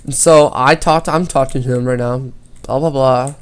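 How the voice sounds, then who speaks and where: A man's voice: medium pitch, fairly even intonation, normal speed, smooth. A teenage boy gaming YouTuber telling a school story over gameplay, rambling and swearing a lot.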